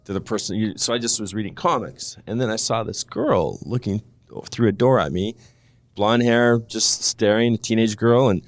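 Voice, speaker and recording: A man, a wrestler guest, telling a story in a rambling way full of restarts. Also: fairly low pitch. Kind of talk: casual storytelling.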